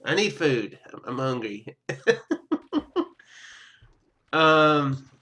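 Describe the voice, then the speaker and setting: A man's voice: mid-range voice, lively intonation, slow, pushed and bright. A man chatting casually over his gameplay, rambling and stammering, cutting himself off with chuckles, into a webcam microphone. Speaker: gaming YouTuber.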